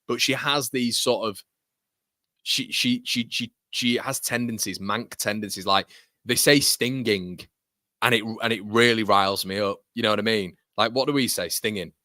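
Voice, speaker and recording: A young man, hosting a live football watchalong and chatting to viewers in an animated storytelling way. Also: mid-range voice, no echo, studio quality. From Leeds. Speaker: watchalong host. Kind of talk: casual live stream chat.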